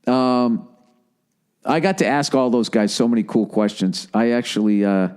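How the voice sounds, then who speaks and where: A man's voice: moderate pace, clear, resonant tone. A middle-aged man with a Boston accent hosting a podcast, telling a comedic story with swearing and acting out other people. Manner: profane, animated, acts out quoted people in higher voices. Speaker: podcast host.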